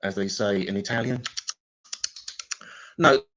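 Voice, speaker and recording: A man doing improvised stand-up comedy, deadpan with bursts of loud mimicry. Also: lowish voice, slow, slight background noise, poor audio.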